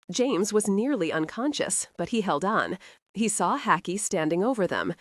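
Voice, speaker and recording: A woman reading a historical romance audiobook in a steady, expressive scripted narration. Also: mid-range voice, moderate pace, no echo, clean studio sound.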